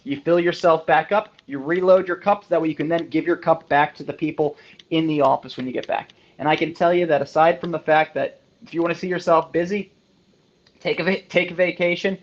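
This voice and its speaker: A man, a chiropractor, giving a conversational motivational talk to fellow practitioners and often tagging his points with "right?". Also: on the high side. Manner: conversational, with frequent rhetorical "right?" tags. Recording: slightly muffled lo-fi audio.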